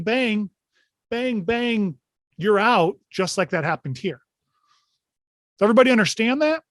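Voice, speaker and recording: A high-pitched man hosts an online meeting for basketball officials over a video call, with no room sound. He talks through a clip conversationally, instructing the officials and asking frequent rhetorical questions.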